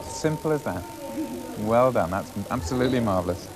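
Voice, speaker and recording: A man presenting a classroom music lesson to primary school children, asking brisk, encouraging questions. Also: mid-range voice, expressive. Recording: 1980s schools TV, reverberant school hall, faint hiss.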